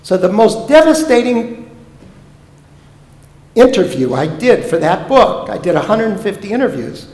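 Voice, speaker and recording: Man, comic storyteller, high voice, echoey sanctuary with long reverb. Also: measured pace, pauses often. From Omaha, United States. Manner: animated, comic storytelling with punchlines. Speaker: guest speaker, professor of Jewish education. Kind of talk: storytelling sermon talk. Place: synagogue sanctuary.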